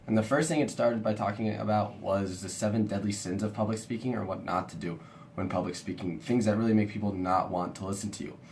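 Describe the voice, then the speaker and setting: A man's voice: fairly low pitch, steady tone, fairly quick, darkish tone, a little hiss or hum. Chatty young man with a sickly voice. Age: young adult. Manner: chatty and rambling, lots of "kinda". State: sick, rough voice. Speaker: university student. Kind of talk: casual video review.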